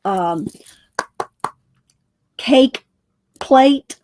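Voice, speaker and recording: A woman's voice: sits high, animated, extremely slow, warm tone. A woman hosting a casual crafting livestream, chatting with viewers by name as she works. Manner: chatty, many fillers and restarts, talks to viewers by name.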